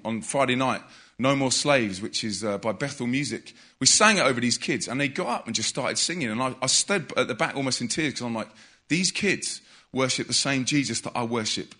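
A visiting preacher from England gives a lively church talk in a church hall, joking conversationally and calling out to the congregation. His voice is mid-range, bright and forceful.

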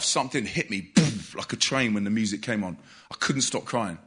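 A man preaching to a live audience, telling a story with energy and loud bursts of emphasis. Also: fairly low pitch, fairly quick, husky. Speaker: youth evangelist.

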